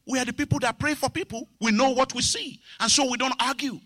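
A middle-aged male pastor preaching a sermon, animated, shouting and half-singing some phrases and dropping to quiet low asides. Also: fast, few pauses, dry recording, clean studio sound.

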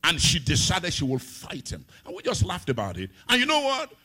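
A middle-aged man from Africa preaching a sermon as pastor, swinging between loud sung-out phrases and hushed, low asides. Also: huge pitch swings, fairly quick, breathy edge.

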